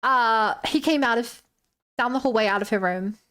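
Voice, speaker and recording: A woman's voice: on the high side, normal speed, a bit bright. A woman streamer casually retelling a tabletop game session, chatty and loose with lots of filler words.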